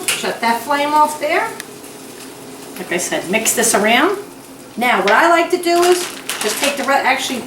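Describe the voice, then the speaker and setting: Woman host for a home cooking demo, rather high voice, effusive and chatty, picked up from off-mic in an echoey kitchen. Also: distant mic, very noisy. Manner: gushing, exclamatory and chatty.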